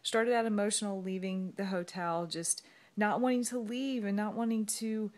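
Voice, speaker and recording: A woman's voice: mid-range voice, fairly even intonation, moderate pace, darkish tone. A woman talking from her bed at home into a phone camera, rambling and emotional as she holds back tears. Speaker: fitness coach. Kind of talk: emotional video message.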